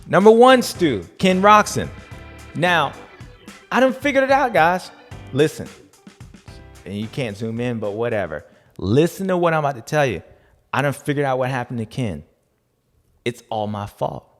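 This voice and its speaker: Guy hosting a podcast recap, jokey and slangy, middle-pitched voice, echo hanging in the room. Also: very animated, moderate pace, long pauses, soft background music. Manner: playful, jokey, slangy, swings between loud bursts and low asides. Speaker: podcast host. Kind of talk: casual race recap chat.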